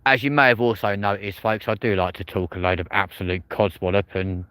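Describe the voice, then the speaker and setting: A man with a southern English accent rambles through a casual livestream, swearing freely and looping back to the same stock phrases. His voice sits fairly low. The sound is close and dry. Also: level tone, fairly quick, a bit bright, smooth, no room sound. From England. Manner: rambling, swears freely, repeats "but there we go". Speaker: livestream host. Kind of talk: casual live-stream chat. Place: outdoors at night.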